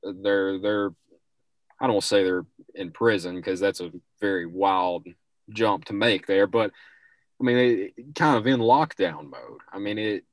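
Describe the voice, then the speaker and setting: A young man with a lowish voice speaks a little slowly in a dry recording. Co-hosting a casual sports talk show, he offers rambling, opinionated takes and often restarts his sentences.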